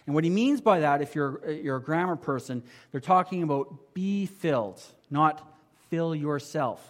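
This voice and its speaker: A man preaching a sermon in a conversational way, asking the congregation rhetorical questions and moving between emphatic and quiet passages. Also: animated, moderate pace. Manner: swings from emphatic to quiet and low. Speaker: pastor.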